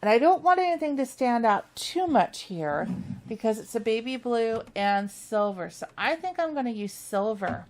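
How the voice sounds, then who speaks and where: A woman leading a machine embroidery tutorial, chatty and enthusiastic as she walks viewers through each step. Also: on the high side. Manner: upbeat, chatty, enthusiastic about stitching. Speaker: sewing instructor.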